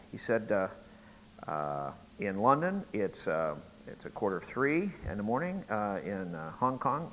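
A middle-aged man preaching a sermon, telling a joke story and rising to loud, emphatic peaks. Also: lowish voice, a little hiss or hum, rough recording. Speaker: pastor.

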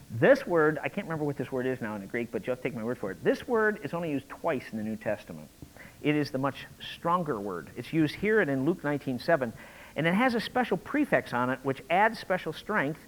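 A man delivers a sermon in a loose, conversational way, breaking into quick acted-out lines. His voice sits a little high and rises and falls with lots of movement. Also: low-quality recording. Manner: animated, conversational, with acted-out quotes. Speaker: pastor.

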